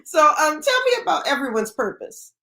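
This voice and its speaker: A woman's voice: sits high, big pitch swings, normal speed, sharp tone. A woman hosting a podcast interview, laughing often and reacting with encouragement to her guest. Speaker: podcast host. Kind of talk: interview conversation.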